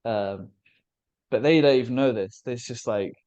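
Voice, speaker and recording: A man's voice: mid-range voice, normal speed, darkish tone, lo-fi sound. A man co-hosting a casual spiritual podcast discussion, musing in a loose, philosophical way and laughing easily. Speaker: podcast co-host.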